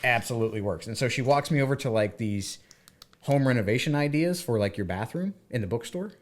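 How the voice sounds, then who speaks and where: A man's voice: mid-range voice, brisk. A man from the United States, co-hosting a podcast and telling a story in casual chat, acting out the dialogue. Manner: animated, acts out dialogue. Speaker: podcast co-host.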